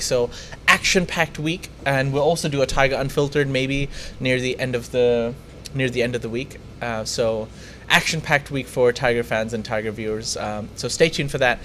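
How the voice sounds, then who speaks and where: An upbeat man co-hosting a casual live stream, joking around and thanking his viewers. His pitch sits in the middle for a man, with a faint hiss in the background. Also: steady tone, normal speed, a bit bright. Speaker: livestream co-host.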